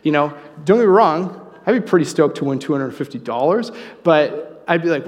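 A man preaching a sermon, conversational and joking, with animated asides. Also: a little high, normal speed, long reverb tail. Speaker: pastor. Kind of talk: sermon with humorous story.

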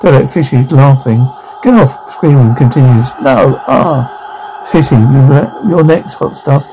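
A man reading a horror show's captions aloud, sound cues included, in an even, uninflected way with brief stumbles. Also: mid-range voice, rough recording.

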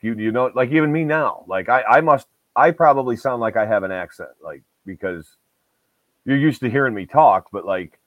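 A man's voice: mid-range voice, dry recording. A man with a Binghamton-area upstate New York accent, talking in a rambling, self-correcting way. The audio is dull and lo-fi. The room sounds dry and close. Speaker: podcast co-host. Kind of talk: casual chat.

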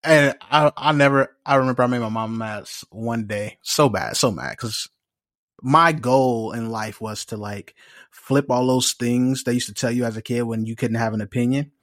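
A man co-hosting a podcast in casual chat, telling animated stories and laughing often. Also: mid-range voice, moderate pace, dry recording, clean studio sound. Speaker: podcast co-host.

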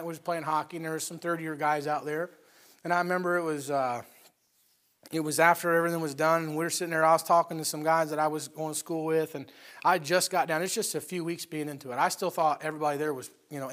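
A man preaching a sermon, emphatic and folksy, telling stories between scripture readings and building to loud peaks. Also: fairly high pitch. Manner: folksy with storytelling asides.

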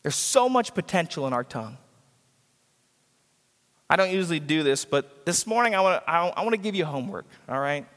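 A man's voice: fairly high pitch, animated, fairly quick, long pauses, fairly bright tone. A man preaching a sermon as a pastor, driving points home with repetition and acting out the people he quotes. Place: church sanctuary. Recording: church hall reverb.

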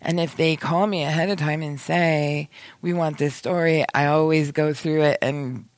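A man's voice: fairly high pitch, steady tone, moderate pace, no room sound. A man co-hosting a podcast who works at a news office, chatting casually. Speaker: podcast co-host. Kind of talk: casual chat.

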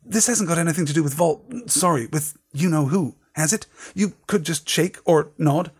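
A man's voice: a little high, moderate pace, darkish tone, breathy edge. A man voicing an earnest, desperate young schoolboy wizard in a raised, urgent voice.

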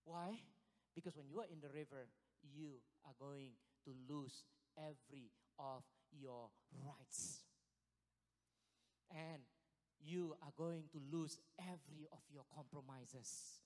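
High-voiced excitable preacher in a reverberant hall. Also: male voice, slow pace. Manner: excitable, animated, loud bursts and laughs. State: sweating, short of breath at times. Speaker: pastor. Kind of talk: sermon. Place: church hall.

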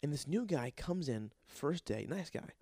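A man's voice: a little high, expressive, normal speed, warm tone, breathy edge, dry recording. A young adult man, a bartender, ranting in a casual, exasperated and profane way. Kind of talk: casual rant.

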